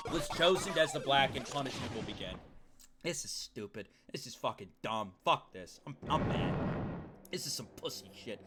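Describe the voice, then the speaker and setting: Lively, ranting game streamer. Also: mid-range voice. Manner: ranting, profane, chatting with viewers. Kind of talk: live gameplay commentary.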